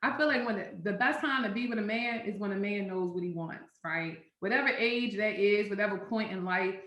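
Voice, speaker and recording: Measured woman panelist, mid-pitched, heard from off-mic in a roomy space. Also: a bit bright. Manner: measured, leans on tag questions. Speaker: podcast panelist. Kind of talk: casual debate.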